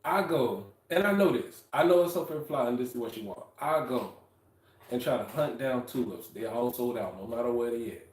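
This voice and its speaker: Animated man in an echoey room. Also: medium pitch, brisk. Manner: animated storytelling, acts out quotes. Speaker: podcast co-host, husband. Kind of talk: casual chat. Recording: echoey room, distant mic.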